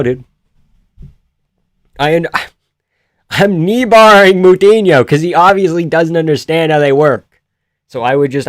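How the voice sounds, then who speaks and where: A man doing casual, profane live-stream commentary on a fight from a room in his house. He shouts at big moments and talks low between them. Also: no echo, studio quality. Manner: excitable, profane, yells at the screen then chats quietly.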